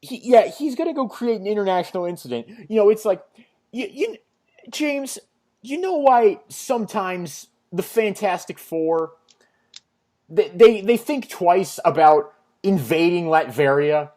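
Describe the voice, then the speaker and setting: Podcast host, casual comic-book recap, rambling, lots of uh's, mid-pitched voice. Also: expressive, measured pace, darkish tone. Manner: rambling, many fillers and restarts.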